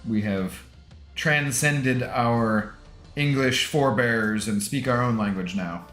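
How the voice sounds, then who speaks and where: A man's voice: mid-range voice, slow pace, fairly bright tone. An American man streaming a game, casually chatting with his audience, laughing often and rambling with self-deprecating asides. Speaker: gaming livestreamer. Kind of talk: casual chat with stream chat while gaming. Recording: echoey room with faint music.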